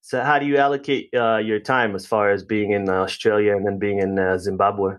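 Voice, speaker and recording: A man's voice: fairly low pitch, flat delivery, a little fast. A man with an American accent hosting a podcast, talking in a rambling, casual way full of fillers. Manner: rambling, filler-heavy, chatty. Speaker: podcast host.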